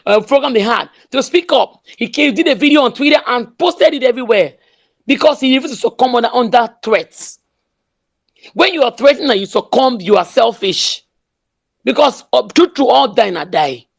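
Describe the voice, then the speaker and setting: A woman's voice: on the high side, gravelly. Impassioned Nigerian woman rallying listeners. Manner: emphatic, repeats slogans, mixes in pidgin. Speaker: speaker in an online audio room. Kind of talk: impassioned political speech.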